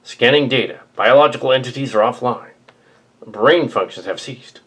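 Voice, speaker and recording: A man playing a husky, commanding robot leader. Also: mid-range voice, moderate pace, a bit bright. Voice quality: commanding, announcing. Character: commanding male robot leader rebuilding minds. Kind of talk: amateur fan audio drama.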